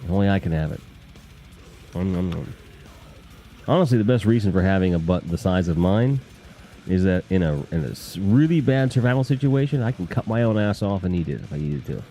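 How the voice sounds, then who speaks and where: A man's voice: low voice, expressive, fairly quick, warm tone, soft background music. A man hosting a casual live stream, rambling and joking with crude humor while talking to his chat.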